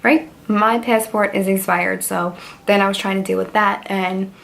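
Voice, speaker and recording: A young woman vlogging straight to camera at a mid pitch, rambling from thought to thought with plenty of "like" and "um". She sounds heartfelt and candid, and a faint hiss of room noise sits under her voice. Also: level tone, moderate pace, creaky, fairly bright tone. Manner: rambling, heartfelt, frequent fillers. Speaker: beauty vlogger. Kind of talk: candid personal vlog talk.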